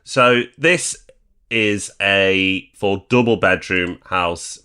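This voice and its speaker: A man from northern England co-hosting a property podcast, calmly weighing up investment deals. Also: low voice, clear, resonant tone. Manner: measured, weighing pros and cons aloud. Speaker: podcast co-host. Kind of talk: casual podcast discussion.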